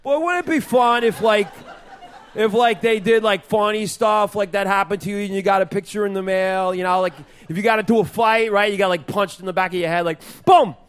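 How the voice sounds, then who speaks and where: Picture a loud, hammy cousin from Staten Island trying out stand-up, as a man puts him on. He talks, pitched much higher than the performer's own voice, and keeps baiting the crowd. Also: fairly quick, clear, resonant tone, lightly acted. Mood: brash. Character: brash male cousin from Staten Island doing clumsy stand-up.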